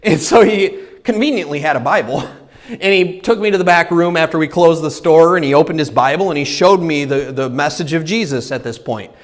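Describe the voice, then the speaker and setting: A man preaching a sermon, telling his own conversion story with animated delivery and quick restarts. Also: a little high. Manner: animated storytelling, acting out his own past panic and excitement; frequent self-interruptions and quick restarts. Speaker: pastor. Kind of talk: sermon with personal testimony.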